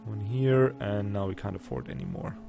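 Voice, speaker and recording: A man's voice: lowish voice, very animated, moderate pace, creaky, mellow, faint music behind. A man with a German accent, casually commenting on a strategy game and thinking aloud with muttered asides. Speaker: let's play gamer.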